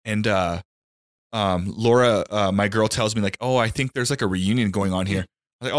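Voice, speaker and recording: A man in his thirties from New Mexico, chatting on a comedy podcast and telling stories with lively quoted voices. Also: normal speed, no room sound, clean studio sound. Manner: animated storyteller, jumps high when quoting himself. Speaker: podcast host. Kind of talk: casual comedic chat.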